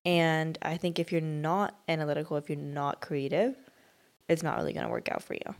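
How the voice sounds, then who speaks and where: Young woman, low-voiced and chatty. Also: steady tone, a little fast, creaky. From Sweden. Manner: easygoing, playful, chatty. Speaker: podcast co-host. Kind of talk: casual chat.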